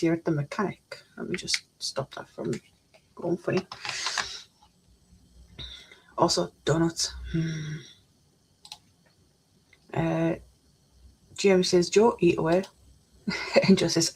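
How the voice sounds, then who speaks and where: A woman's voice: on the low side, darkish tone, slight background noise. A woman chatting casually on a live stream, reading out chat messages while she builds a model kit at her desk.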